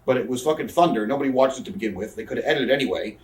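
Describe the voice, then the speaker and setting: During a shoot interview, a thirty-something guest tells profane stories quickly, slipping into the voices of people he quotes. His mid-range voice is expressive. He was recorded from a distance, off-mic, with roomy echo.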